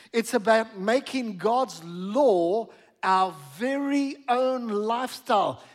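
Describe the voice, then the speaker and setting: A man preaching a sermon as pastor of a church, slowing down on key words and asking the congregation to repeat after him. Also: high voice.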